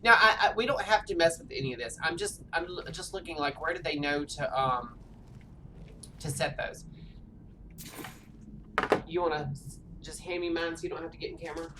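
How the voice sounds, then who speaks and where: A woman with a low, deep voice talks casually while she streams a game at home. She rambles and chats on, often filling gaps with "like", and faint noise hangs under her voice. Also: moderate pace, pauses often. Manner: chatty, rambling, full of "like" fillers. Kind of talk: casual chat while gaming.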